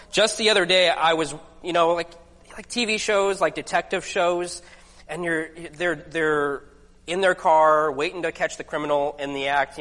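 Man, fairly high voice, relaxed rambling sermon, echoing sanctuary. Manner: chatty, self-deprecating storyteller with lots of asides. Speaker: preacher. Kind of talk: casual sermon to a congregation.

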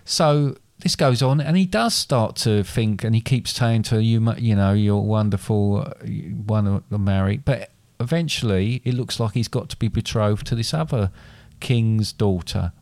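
A man's voice: medium pitch, darkish tone, dry recording. A man casually retelling a fairy tale in a chat, rambling and correcting himself as he goes. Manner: rambling, self-correcting storyteller.

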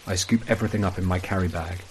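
A man reading a first-person horror story as scripted narration, in a measured, brooding way. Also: low-pitched, fairly even intonation, darkish tone, slight background noise, rough recording.

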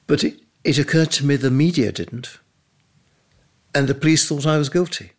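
An older man recalling hard times in an interview, emotional and halting, with repeated words and pauses. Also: fairly high pitch, husky. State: emotional, near tears.

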